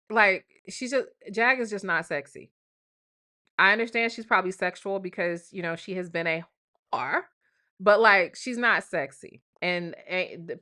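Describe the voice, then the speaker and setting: A woman hosts a live stream, reading viewer messages and reacting in a sassy, emphatic way. Her voice is bright and keen, set at an ordinary middle pitch. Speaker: livestream host.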